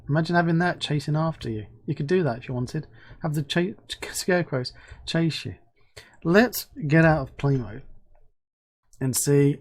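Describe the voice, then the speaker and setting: In a casual screen-recorded software review, a man with a slightly high voice reviews game assets, chatty and excitable, thinking aloud as he clicks through.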